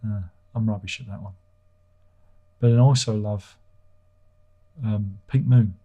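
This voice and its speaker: A man's voice: lowish voice, fairly even intonation, a little slow, narrow, tinny audio. A man hosting a livestream, reading out viewer comments in a rambling, self-deprecating way and swearing casually. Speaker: livestream host.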